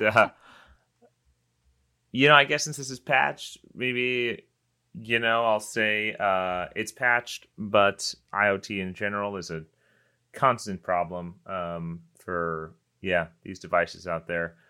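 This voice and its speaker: A man's voice: on the low side, steady tone, takes it slowly, bright, forceful tone, smooth. A man co-hosting a tech podcast, giving blunt, offhand opinions. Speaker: podcast co-host. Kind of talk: casual tech podcast chat.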